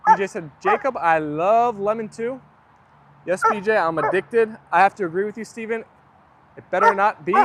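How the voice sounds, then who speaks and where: Chatty young man, high voice. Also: background noise. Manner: chatty, reads viewer comments aloud. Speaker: livestream host. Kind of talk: casual livestream chat reading comments. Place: outdoors near a garden.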